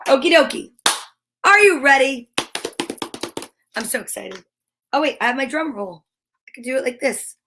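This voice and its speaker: A woman's voice: high voice, expressive, brisk, music in the background. A woman hosting a children's story time, reading picture books aloud with playful, chatty asides and animal sound imitations.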